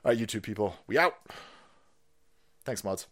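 A man's voice: lowish voice, lively intonation, moderate pace, fairly bright tone. Heated, foul-mouthed male streamer. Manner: swearing, heated, mocking. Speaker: stream host. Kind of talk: profane ranting commentary.

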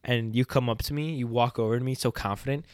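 Animated young man, laughing storyteller. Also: mid-range voice, fast talker, smooth, dry recording, studio quality. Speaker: podcast co-host. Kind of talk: casual chat. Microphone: podcast mic.

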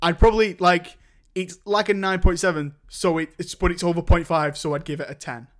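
A man's voice: high-pitched, steady tone, fairly quick. A man hosting a podcast in casual chat, laughing and apologetic, swearing freely. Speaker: podcast host.

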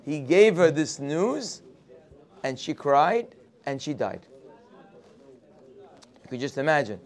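A man's voice: a little high, sing-song, slow pace. A man teaching a morning Torah class, telling the story expressively and mixing Hebrew quotes with English. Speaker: religious teacher.

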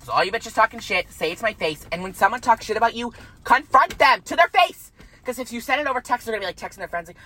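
A woman's voice: a little high, expressive, quick pace, pushed and bright, rough recording. A woman in her twenties delivering a heated, profane rant to camera, repeating herself and swearing freely. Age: 20s. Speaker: vlogger.

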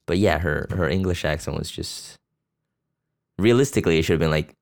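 A man's voice: low voice, a little fast, creaky, long pauses. A man hosting a podcast, rambling bluntly and crudely about a movie, with lots of fillers and restarts. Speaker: podcast host. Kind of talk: casual profane movie chat.

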